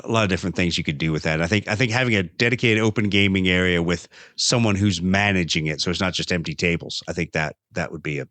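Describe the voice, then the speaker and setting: A man's voice: low voice, fairly bright tone, no echo. A man hosting a casual podcast chat, rambling and joking with plenty of fillers and restarts. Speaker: podcast host.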